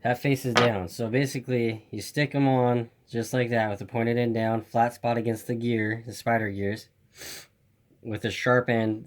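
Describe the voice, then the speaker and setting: A man casually walking through an RC car repair step by step, rambling and repeating himself with a voice that is giving out. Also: on the low side. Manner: rambling, repeats instructions, apologizes for camera. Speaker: RC hobby video host. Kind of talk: casual how-to walkthrough.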